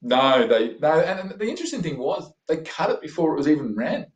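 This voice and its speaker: A man's voice: a little high, very animated, fast. An Australian man telling his story as an interview guest, enthusiastic and rambling, full of fillers and restarts. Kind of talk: animated storytelling in conversation. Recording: roomy echo.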